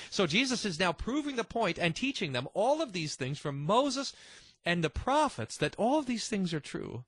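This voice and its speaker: A man teaching a Bible passage in a conversational, animated way, with delighted chuckling asides. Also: high-pitched, fairly quick, dry recording.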